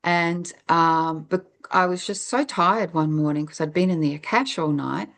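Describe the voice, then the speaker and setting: A middle-aged woman with a low voice, talking as an interview guest. She tells her story casually, wanders between thoughts, and stops herself partway through sentences, with plenty of "um"s along the way. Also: moderate pace, a bit bright. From New Zealand. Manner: rambling, reflective, self-interrupting with fillers.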